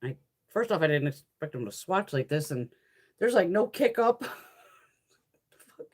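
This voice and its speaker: A woman's voice: low-pitched, sing-song, moderate pace, slightly rough. A woman chatting casually while swatching makeup, profane, laughing often and answering viewers' comments. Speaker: beauty haul host.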